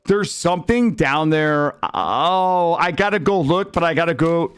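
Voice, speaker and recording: A man streaming a game live, excitable, swearing and talking to his chat. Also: a little high, a little slow, clean tone, faint music behind. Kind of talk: live gameplay commentary.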